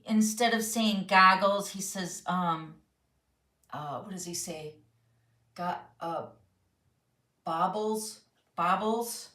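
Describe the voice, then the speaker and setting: A woman's voice: fairly low pitch, slow, long pauses, sharp tone, roomy sound. A woman hosting a live papercraft chat, talking bubbly and casual while reading viewer comments in her home craft studio. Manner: chatty, bubbly, reads comments aloud. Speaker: papercraft host.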